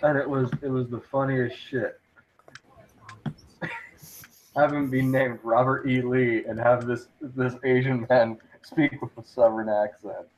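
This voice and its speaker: A male co-host who takes his time with each phrase, laughing and cursing through casual banter. His pitch sits mid-range, and a faint hiss of noise runs underneath him. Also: level tone, dull audio. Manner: laughing, profane, drawn-out speech. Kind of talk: casual banter on a talk show.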